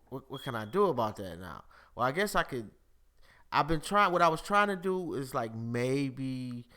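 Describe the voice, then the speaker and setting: A man hosts a casual live-streamed chat, cursing freely and laughing often. His voice is bright and forward, and his pitch swings widely as he talks. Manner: profane, animated, laughs often. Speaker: podcast host.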